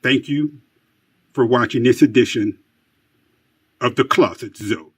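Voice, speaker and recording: Slow, husky man narrating mock suspense. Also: medium pitch. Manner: dramatic, slow and hushed, building to excited outbursts; wry, self-mocking asides. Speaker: storyteller.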